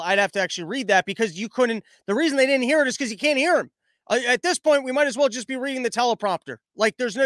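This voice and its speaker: A man giving casual, sarcastic political commentary, mocking and quick. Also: very high voice, a bit bright, dry recording. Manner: sarcastic, mocking, fast-talking.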